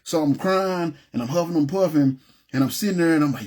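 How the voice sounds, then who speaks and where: Man, husky voice, fairly high, emotional personal testimony, halting restarts, tearful. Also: a little mellow. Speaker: testimony speaker.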